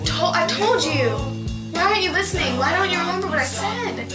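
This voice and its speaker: A woman's voice: very high-pitched, animated, a little fast, roomy sound, over loud music. A teenage girl rambling through a story in a chatty, filler-heavy way.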